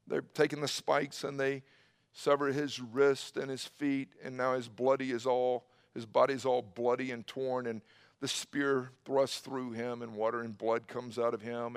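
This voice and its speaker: A man preaching an Easter sermon to a church, swinging between loud emphatic bursts and hushed low passages. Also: flat delivery, measured pace, clear, resonant tone. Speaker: pastor. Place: church service streamed online.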